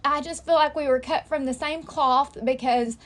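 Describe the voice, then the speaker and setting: A woman's voice: high voice, fairly even intonation, normal speed, fairly bright tone. A woman on a video call, emotional and gushing as she thanks a speaker. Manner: gushing, effusive. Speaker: sales consultant, meeting participant. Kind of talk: casual video-call sharing. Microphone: video call microphone.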